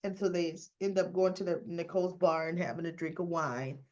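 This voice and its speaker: A woman's voice: on the low side, a little fast, darkish tone. A woman casually retelling a soap opera episode, rambling and correcting herself with lots of fillers. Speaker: soap opera recap vlogger. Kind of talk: casual spoken episode recap. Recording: dull lo-fi sound.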